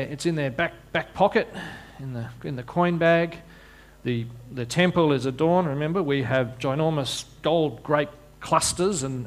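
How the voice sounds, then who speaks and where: A man preaching a sermon, often repeating words as he restarts and slipping in wry asides. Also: on the high side.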